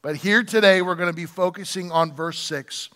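A man's voice: sits high, moderate pace, a bit bright, in a large hall. A man preaching a sermon as pastor in a church, speaking to the congregation and asking them to respond. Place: church sanctuary.

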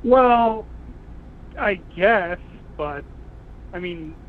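A man's voice: high-pitched, animated, extremely slow. A man calling in to a radio show, easygoing and teasing. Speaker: caller. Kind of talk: call-in conversation. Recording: tinny phone line with faint hiss.

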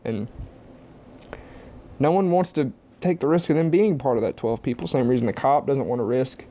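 A man's voice: medium pitch, moderate pace, warm tone. A young man at home giving a blunt, heavily profane opinion monologue to camera. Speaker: vlogger.

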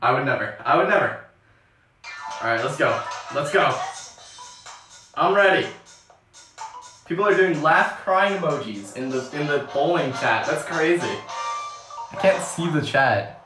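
A woman streaming a game, excitable and swearing often, yelling when she scores. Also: low-pitched, unhurried, long pauses. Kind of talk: live game stream commentary. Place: bathroom. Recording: echoey bathroom, distant from mic, faint game music.

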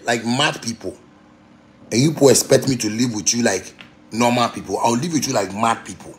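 A man's voice: medium pitch, quick pace. A man with a Ghanaian Pidgin English accent, ranting bluntly and defiantly to fans on a phone livestream. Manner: blunt, defiant, repetitive, swears freely. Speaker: musician talking to fans live. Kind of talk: livestream rant.

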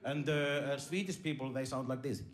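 A man doing stand-up comedy on a theater stage, rambling and deadpan, with lots of fillers and restarts. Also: medium pitch, normal speed.

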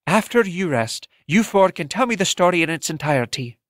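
A male narrator voicing a motherly older woman who runs a house, giving gentle orders. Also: high-pitched, big pitch swings, fairly quick, no echo, clean studio sound, voice pushed up. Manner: warm but bossy instructions. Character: kindly older woman innkeeper, motherly and commanding.

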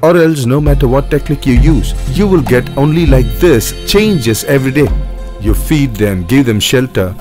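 An actor dubbing a scheming, smooth-talking male trader in beggars who speaks persuasively and deferentially, in an English film dub. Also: mid-range voice, expressive, normal speed, over music, lightly acted. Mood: lecturing.

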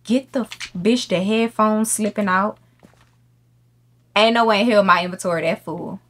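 A woman streamer giving loud, profane, excitable commentary while playing a game, shrieking when something startles her. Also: mid-range voice, moderate pace. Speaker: gaming streamer. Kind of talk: let's play commentary.

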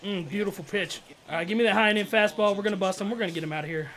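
A man giving casual, slangy commentary over his own gameplay, excitable and trash-talking, with loud outbursts. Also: high voice, rapid-fire, a little hiss or hum. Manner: slangy, keeps saying bro and dog. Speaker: gaming YouTuber.

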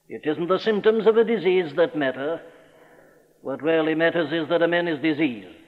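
A man preaching a sermon, earnest and emphatic, posing rhetorical questions, from an old radio broadcast recorded in a church. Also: fairly high pitch. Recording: old radio broadcast recording in a large hall, thin and phone-like.

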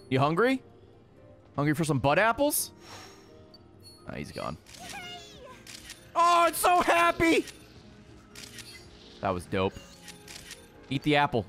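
An American man giving casual, excitable gameplay commentary, joking and talking to the creatures on screen. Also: fairly high pitch. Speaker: gaming video creator.

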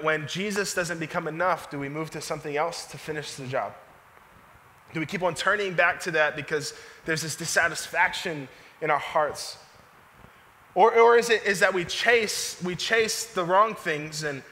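A young male pastor preaches in a high, bright voice, keeping his sermon casual and conversational with slang and frequent questions to the congregation. The sound carries a long church-hall reverb. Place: church sanctuary.

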